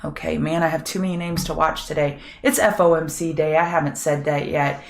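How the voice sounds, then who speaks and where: Low-voiced woman hosting a trading stream. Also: steady tone, fairly quick, creaky. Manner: chatty, reads viewer names, thinks aloud over charts. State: scratchy voice. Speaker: trading show host. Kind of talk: live market prep chat with viewers.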